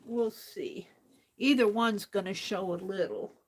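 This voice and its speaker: A woman talks her viewers through a craft project in a relaxed, unhurried way. She often mutters to herself as she works, hunting for tools and fixing small slips. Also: mid-range voice, breathy edge. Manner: slow, chatty, talks to herself while working. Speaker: craft livestream host. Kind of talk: casual crafting livestream talk.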